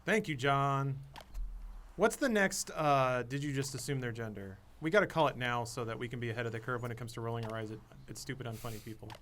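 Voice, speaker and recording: Guy cohosting a live game stream, bright voice, joking around deadpan, little bit of background hiss. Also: mid-range voice, fairly quick. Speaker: podcast co-host. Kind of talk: casual livestream banter. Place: studio room, gaming livestream.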